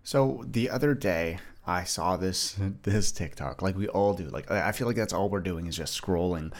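A man's voice: deep voice, normal speed. A young man hosting a solo podcast, talking casually and rambling with many restarts. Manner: rambling, chatty, frequent restarts and "like". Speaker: podcast host.

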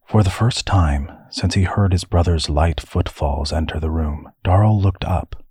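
A man narrating a fantasy audiobook story in a measured storytelling way. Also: sits low, dark tone, husky, no echo, clean studio sound.

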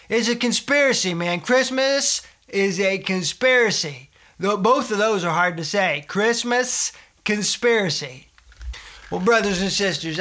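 A man's voice: high voice, sharp tone. A middle-aged man doing a comic monologue as a folksy preacher, rambling and calling out to brothers and sisters. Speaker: comedic preacher persona.

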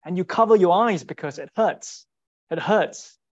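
A man giving a sermon in an earnest, rhetorical way, repeating short phrases and pausing for weight. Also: sits high, darkish tone, highs cut off. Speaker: speaker giving a Bible talk.

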